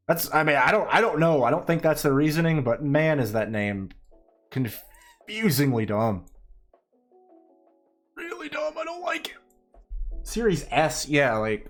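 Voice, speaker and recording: A young man streaming while he draws, talking casually and ranting with plenty of swearing and quick asides. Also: medium pitch, soft background music. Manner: rambling, profane, animated ranting with put-on quoted voices. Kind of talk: casual chat while drawing.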